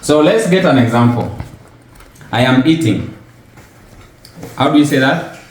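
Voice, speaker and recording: A man's voice: medium pitch, animated, measured pace, slight background noise. A man giving an informal language lesson, patiently asking questions and repeating words for his learner. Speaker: language teacher. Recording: very echoey room.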